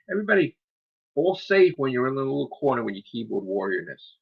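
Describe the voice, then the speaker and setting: A man's voice: mid-range voice, very animated, fast, gravelly, husky, highs cut off. A man hosting his own live stream, ranting in a heated, profane, scolding way. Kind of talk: angry live-stream rant.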